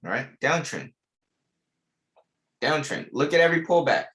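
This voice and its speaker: A man's voice: a little high, expressive, moderate pace, a bit bright. A young man teaching a live online trading class, repeating key lines with emphasis and casual slang. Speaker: trading instructor.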